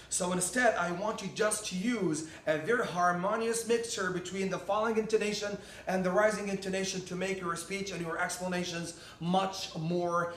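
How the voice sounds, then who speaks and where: A man's voice: high voice, fairly bright tone, echoey room, slight background noise. A man, a teacher, giving motivational classroom tips to other teachers, emphatic and repeating key words for stress.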